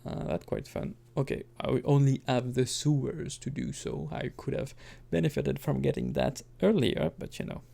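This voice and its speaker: A man's voice: mid-range voice, fairly even intonation, moderate pace, vocal fry, few pauses, warm tone. A man giving casual let's-play commentary, rambling and correcting himself, with chuckling asides. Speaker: gaming commentator.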